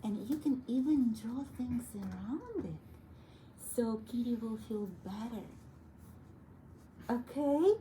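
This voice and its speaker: A woman giving a child a piano lesson, speaking slowly and gently in a raised, mellow voice. She coaxes and praises warmly between bits of playing, and a piano sounds softly behind her. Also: fairly high pitch, expressive, a little hiss or hum, low-quality recording. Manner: gentle, coaxing and encouraging with a child. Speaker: piano teacher.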